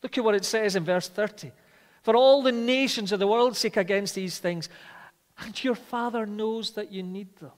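A man preaching a sermon, reading scripture aloud and repeating key phrases, often slowing down and dropping his voice softly to press a point home. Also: sits high, big-room sound.

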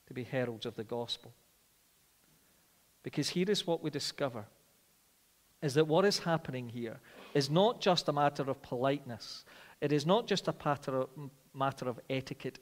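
Emphatic male preacher in a reverberant hall. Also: mid-range voice. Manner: emphatic, swings between loud declarations and quiet reflection. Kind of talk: sermon.

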